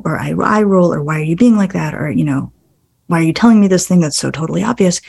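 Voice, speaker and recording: A woman's voice: lowish voice, vocal fry, breathy edge. A middle-aged woman, a clinical psychologist, explaining teenagers thoughtfully in a podcast conversation. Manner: thoughtful, explanatory, animated when acting out teens.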